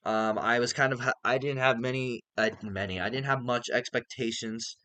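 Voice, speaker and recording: A man's voice: medium pitch, fairly even intonation, normal speed, sharp tone, dry recording. A young man giving a casual, exasperated movie review, swearing heavily as he rants. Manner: exasperated ranting, heavy swearing. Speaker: film reviewer.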